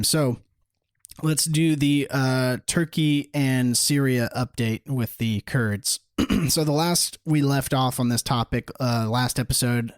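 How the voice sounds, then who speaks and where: A man with a mid-range voice hosts a solo political podcast, recorded cleanly in a studio with no room sound. His tone is indignant and mocking, and he laughs at his own points.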